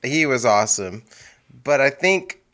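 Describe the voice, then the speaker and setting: A man's voice: medium pitch, lively intonation, a little slow, fairly bright tone. A man co-hosting a movie podcast in casual chat, joking and laughing often. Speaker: podcast co-host.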